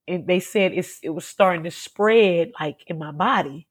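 A woman's voice: lowish voice, moderate pace, few pauses, slightly rough. A woman giving an emotional personal testimony as an interview guest, talking earnestly and repeating herself as she tells her story.

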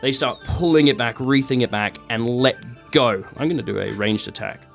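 A man narrating a tabletop game as game master, animated and hesitant. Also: medium pitch, moderate pace, vocal fry, faint music behind.

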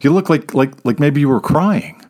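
A cheerful young husband, breezy and upbeat, tossing off one cliché after another, as a male narrator puts him on. His voice sits a little brighter and higher than the telling around it. A storybook figure read aloud. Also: normal speed, close to an everyday voice.

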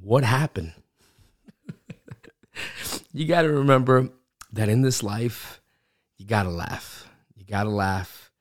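A man's voice: fairly low pitch, lively intonation, slow pace, long pauses, no echo. A middle-aged man hosting a casual devotional podcast from a home studio, upbeat and rambling with frequent restarts. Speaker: podcast host and Bible teacher.

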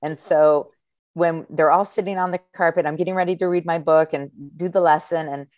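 Woman, 50s, podcast co-host; lowish voice, dry close sound, lively storyteller. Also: a little fast, no echo. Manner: animated storyteller, acts out voices of kids. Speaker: podcast co-host, school counselor. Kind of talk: casual chat, storytelling.

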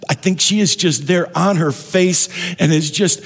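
Gravelly, husky-voiced male preacher. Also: sits high, measured pace, hardly any pauses. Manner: conversational, repeats words and restarts often. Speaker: pastor. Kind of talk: sermon. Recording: long hall reverb.

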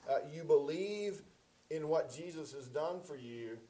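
A man's voice: fairly high pitch, animated, unhurried, dark tone, low-quality recording. A man preaching a sermon as pastor in a conversational, folksy way with many fillers.

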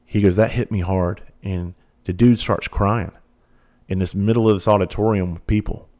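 A man's voice: lowish voice, steady tone, moderate pace, darkish tone. A man speaking in a candid monologue, earnest and blunt, with casual cursing and repeated phrases. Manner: earnest, heartfelt storytelling. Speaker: trainer for first responders.

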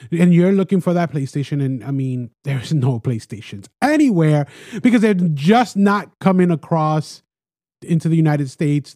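A man hosting a casual solo podcast, explaining with animated storytelling and addressing listeners directly. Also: on the high side, no room sound, clean studio sound. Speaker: podcast host.

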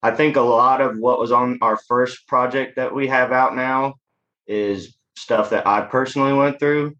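A man's voice: medium pitch, steady tone, normal speed, fairly bright tone, dull audio. A man, a musician guest talking casually in a laid-back, rambling way. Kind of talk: casual interview chat.

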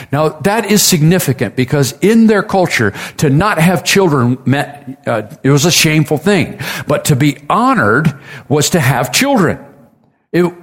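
A man preaching a sermon, retelling a story with casual asides and acted-out quotes. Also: a little high.

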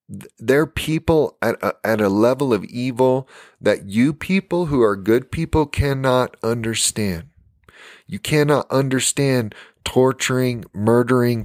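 A man's voice: mid-range voice, dry recording, clean studio sound. An American man preaching a fiery live-stream sermon for his podcast, emphatic and tired. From United States.

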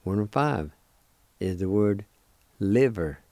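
A male radio host giving a language lesson, spelling and pronouncing words slowly and deliberately. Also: on the low side, expressive, warm tone, dry recording.

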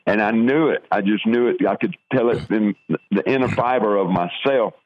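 An older man from the southern United States slowly and earnestly tells his life story in an interview, often stopping to restart. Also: lowish voice. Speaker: guest sharing testimony. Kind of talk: personal testimony in an interview. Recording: dull lo-fi radio audio.

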